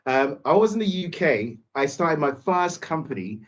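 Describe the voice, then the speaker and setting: A man's voice: on the high side, very animated, moderate pace. A man hosting an interview, asking questions in a chatty way with stumbling restarts and eager prompts. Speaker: host. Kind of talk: casual interview chat.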